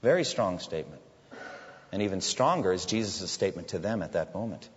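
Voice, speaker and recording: A man preaching a sermon, expressive, dropping low and quiet when he quotes Jesus. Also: a little fast. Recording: dull echoey hall recording.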